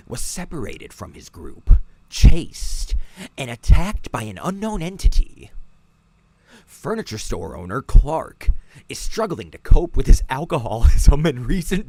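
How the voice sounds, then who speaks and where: A man hosting a podcast, ranting casually with constant swearing and irritation. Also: mid-range voice. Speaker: podcast host.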